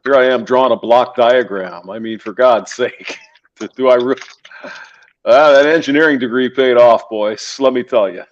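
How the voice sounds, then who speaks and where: A man's voice: medium pitch, normal speed. Teasing man on muffled voice chat. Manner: rambling, teasing, crude banter. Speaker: engineer. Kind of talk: casual group voice chat. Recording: muffled voice chat with faint hiss.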